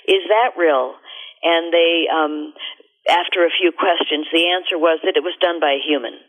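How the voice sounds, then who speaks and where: A middle-aged woman, a radio guest, telling a story in an animated, expressive way. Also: low voice, moderate pace. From America. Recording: tinny phone line.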